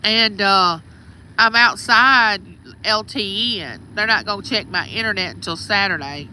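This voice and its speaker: A woman's voice: medium pitch, unhurried, pushed and bright, slight background noise, poor audio. A middle-aged woman from Mississippi with a Southern accent, chatting casually on a livestream from outside her home and greeting viewers by name. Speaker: livestream host. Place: outdoors at home.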